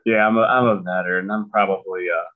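A middle-aged man co-hosting a podcast in casual chat, making dry jokes with halting fillers. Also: low voice, steady tone, narrow, tinny audio. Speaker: podcast co-host.

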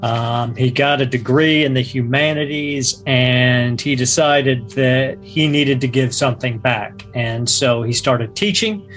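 A man's voice: medium pitch, unhurried, few pauses, a bit bright, faint music behind. A man player in a tabletop game, earnest, with fillers.

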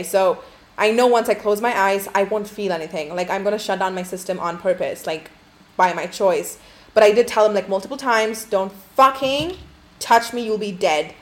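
A woman's voice: medium pitch, brisk. A young adult woman telling a story to camera in a casual storytime style, swearing a lot and saying "like" constantly. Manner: profane, rambling, heavy use of "like".

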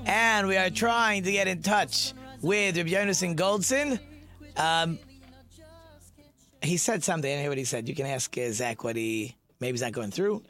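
A man's voice: fairly high pitch, moderate pace, fairly bright tone, faint music behind. A man hosting a talk show, chatting casually in a rambling way and telling a joke. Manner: chatty, rambling, with fillers and restarts.

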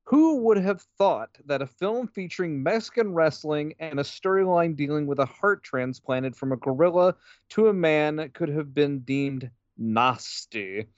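A man's voice: on the high side, animated, a little slow, no echo, muffled recording. A man co-hosting a casual podcast, sardonic and profane, sometimes reading aloud from a book. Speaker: podcast co-host.

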